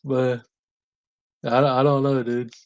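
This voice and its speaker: A man's voice: mid-range voice, level tone, slow. Laid-back man in casual chat.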